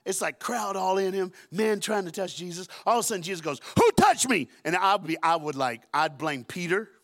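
A man's voice: sits high, brisk, fairly bright tone. A man preaching a sermon in a church, storytelling with humor and acting out voices from the Bible. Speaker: guest preacher. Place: church auditorium.

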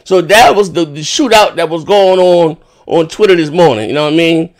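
A man's voice: a little high, moderate pace. Rambling, profane male podcast host. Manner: rambling, profane, animated retelling. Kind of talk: casual chat.

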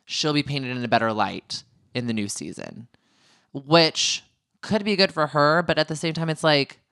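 A man's voice: on the high side, normal speed, pushed and bright, clear, resonant tone, no echo, clean studio sound. A man co-hosting a podcast, chatting casually and bluntly about reality-show gossip with a sassy edge. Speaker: podcast co-host.

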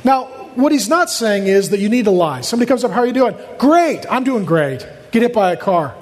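A man's voice: sits high, fast talker. A man preaching a sermon as pastor, joking with the congregation and acting out quoted voices. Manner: animated, acts out quoted voices, jokes with the congregation. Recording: echoey hall reverb.

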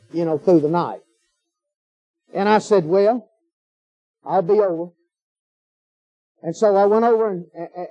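A man's voice: sits high, dark tone, no room sound. A man preaching a sermon in a folksy, emphatic way, firing off rhetorical questions. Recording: dull lo-fi sermon recording.

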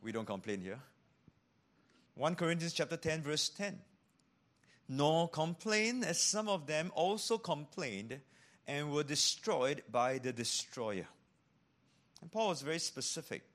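A pastor preaches a sermon in a rather high male voice, full of energy. He drops to a hush for emphasis and acts out the voices of the people he quotes.

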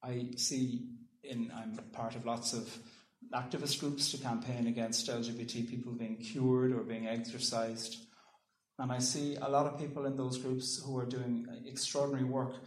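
A man giving a thoughtful public talk, pausing and restarting, and reading a poem aloud. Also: medium pitch, little pitch movement. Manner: thoughtful, halting with ums and restarts. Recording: roomy echo.

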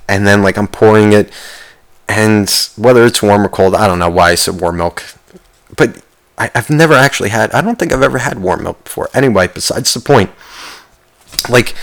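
A man's voice: mid-range voice, poor audio. A man in a rambling comic rant, thinking aloud. His voice sits in the middle of the male range, loose and profane. He keeps circling back to his point. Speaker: vlogger.

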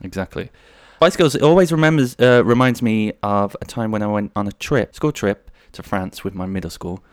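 A man's voice: fairly low pitch, moderate pace, no echo, clean studio sound. A man in his thirties hosting a podcast solo, rambling through jokey anecdotes. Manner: rambling, jokey, slips into silly voices. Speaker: podcast host.

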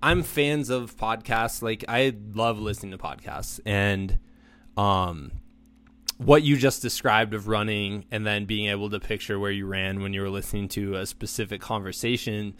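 A young man hosting a podcast in casual, self-deprecating chat that comes in quick bursts. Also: on the low side, fairly bright tone, clean tone. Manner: laid-back, self-deprecating, talks in bursts. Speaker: podcast host.

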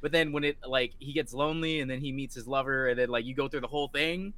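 Excitable swearing guy on a podcast, bright sharp voice, dry sound. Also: medium pitch, fast talker, no room sound. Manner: excitable, swears a lot, gushes emotionally. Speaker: podcast co-host. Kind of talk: casual podcast chat.

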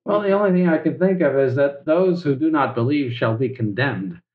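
An older man, a bishop guest, chatting in a halting way with many fillers. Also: fairly high pitch. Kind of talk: casual chat. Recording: roomy, lo-fi sound.

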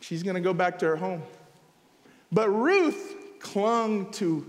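A man preaching a sermon with a very high, lively voice, talking plainly with the congregation and firing off rhetorical questions. The long reverb of a church sanctuary hangs on his words. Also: slow, slight background noise. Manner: conversational, animated, rhetorical questions. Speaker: pastor.

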